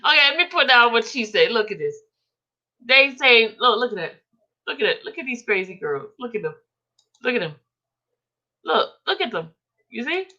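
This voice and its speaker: A woman's voice: a little high, sing-song, moderate pace, pauses often, pushed and bright, highs cut off. A woman hosting a casual livestream, teasing her chat and laughing through almost everything she says. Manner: giggly, keeps laughing while talking to the chat; chatty and teasing. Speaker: livestream host.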